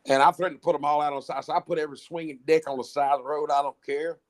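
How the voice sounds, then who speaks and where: A man's voice: fairly high pitch, fairly even intonation, racing. A middle-aged man, a musician guest, telling long rambling stories in casual chat, with frequent restarts and swearing. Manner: rambling, profane, many restarts. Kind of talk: casual storytelling.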